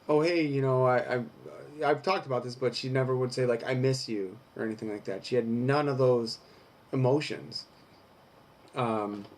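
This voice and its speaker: In his personal vlog, a young man with a medium-pitched voice reads from an article and then talks it through with blunt candor, cursing a bit along the way.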